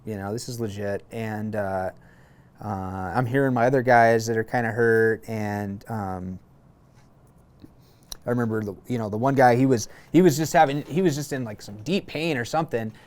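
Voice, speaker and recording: A man in his thirties, a former Marine, calmly telling a long personal story in a casual interview, with frequent fillers and restarts. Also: mid-range voice. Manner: relaxed, halting, many fillers and restarts.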